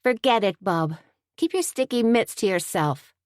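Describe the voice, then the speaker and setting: A brash, sharp-tongued waitress, put on by a woman, pitched far above her own voice and loud. She sounds sassy and quick to scold. The audiobook recording is dry and close. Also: lively intonation, no echo, natural voice.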